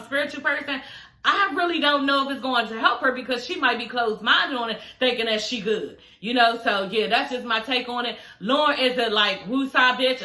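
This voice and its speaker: A woman's voice: on the high side, bright, forceful tone. A woman chatting casually as a reality TV reviewer, sassy and profane, full of "you know" and "y'all". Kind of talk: casual recap chat. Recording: echoey room.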